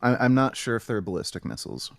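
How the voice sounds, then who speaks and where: A man's voice: medium pitch, big pitch swings, fast, gravelly, no echo. A man in an online political debate who hesitates and stammers, with many filler ums.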